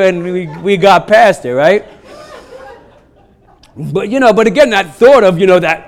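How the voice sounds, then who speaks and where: A man preaching a sermon as pastor, telling stories in a lively, conversational way from a church stage. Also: high-pitched, moderate pace. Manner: storytelling, animated and laughing during funny stories. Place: church sanctuary.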